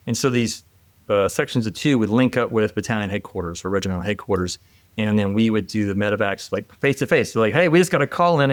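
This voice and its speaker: A middle-aged man, a former military helicopter pilot, telling a war story as a podcast guest in a casual, animated way, laughing and restarting often. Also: on the low side, clear, resonant tone, no echo.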